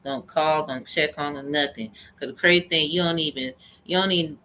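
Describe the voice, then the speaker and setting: A woman's voice: sits low, fairly quick, bright, forceful tone. A woman telling a rambling, profane story in a heated personal rant to camera. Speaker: vlogger.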